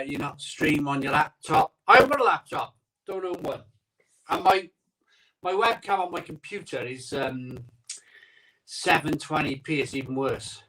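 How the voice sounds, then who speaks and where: A rambling, chatty man with a voice that sits a little high for a man. He hosts a casual live stream from his home conservatory and talks into a phone mic. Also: a bit bright, distant mic, low-quality recording. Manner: rambling, chatty, reads out viewer comments. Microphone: iPhone microphone.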